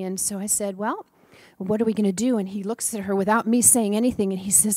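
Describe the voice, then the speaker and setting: Woman preacher, warm storytelling sermon, affectionate, dry close sound. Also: mid-range voice, a little fast, no echo. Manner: gentle, affectionate, lively when quoting children. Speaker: speaker in a preaching class. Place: church or center hall.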